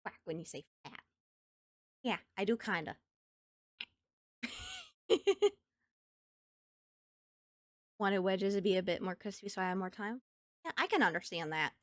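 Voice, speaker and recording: A woman's voice: medium pitch, very animated, measured pace, pauses often, no echo, studio quality. A woman streamer with a Southern US accent, chatting casually with viewers and laughing often. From US Midwest and South.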